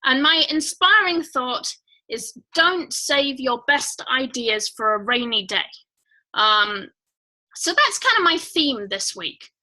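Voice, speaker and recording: A woman's voice: high voice, big pitch swings, slow pace, sharp tone, rough recording. A woman hosting a casual livestream. She chats in a rambling way with many fillers and greets viewers one by one. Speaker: livestream host.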